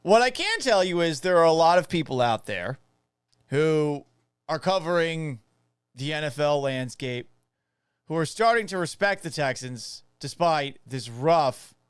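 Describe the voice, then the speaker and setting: An opinionated male sports host talks with animated, sarcastic energy. His voice sits a little high and moves around a lot. The studio sound is close and dry. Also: a little slow, long pauses, smooth, dry recording. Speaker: sports radio and podcast host.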